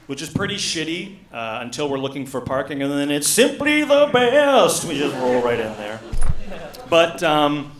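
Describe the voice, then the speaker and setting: A man in his forties performing a stand-up comedy set, telling deadpan stories with lots of uh fillers. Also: mid-range voice. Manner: deadpan storytelling with frequent uh fillers. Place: comedy gala stage. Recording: echoey room.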